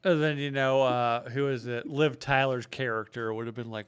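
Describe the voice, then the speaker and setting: Smooth-voiced man joking on a podcast. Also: mid-range voice, steady tone, moderate pace, few pauses, a bit bright. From United States. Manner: jokey, swearing, drops into put-on voices. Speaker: podcast co-host. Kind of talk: casual comedic chat.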